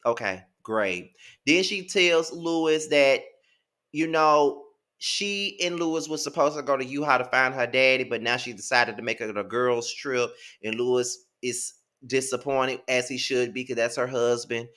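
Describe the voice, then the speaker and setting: A man in his thirties with a Mississippi Southern accent, recapping a reality show in a sassy, profane, animated way. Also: mid-range voice, measured pace. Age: 30s. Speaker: TV show reviewer. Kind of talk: casual recap commentary.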